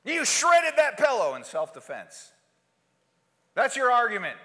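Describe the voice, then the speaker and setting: A male pastor delivering a sermon in a high, animated voice that leaps between soaring outbursts and hushed asides. His tone is bright and ringing. The sound carries a long reverb from the church hall. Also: a little slow. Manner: preaching with dramatic swings between loud outbursts and soft asides.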